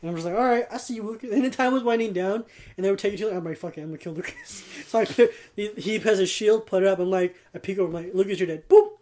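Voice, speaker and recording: A man's voice: high-pitched, rapid-fire, darkish tone. A young man co-hosting a podcast, telling loose, laughing, profane gaming stories. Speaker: podcast co-host. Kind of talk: casual chat.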